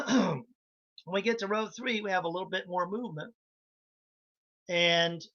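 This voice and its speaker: On a video call, a harmonica instructor gives a live online lesson, casually walking through licks step by step and counting in the band. He has a high, bright voice with a forceful tone, and the sound is lo-fi.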